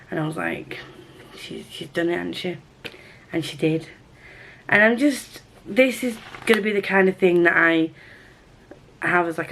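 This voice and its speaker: Chatty woman book vlogger. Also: on the low side. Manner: chatty, excitable, with restarts and repeated words. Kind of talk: casual chat to camera.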